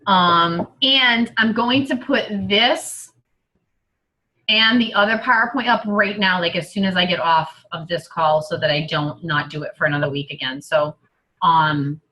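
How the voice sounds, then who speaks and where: Woman group coach on a video call. Bright, slightly low voice, chatty, thinks out loud. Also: a little slow, rough recording. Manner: chatty and rambling, thinking aloud. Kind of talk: casual video call talk.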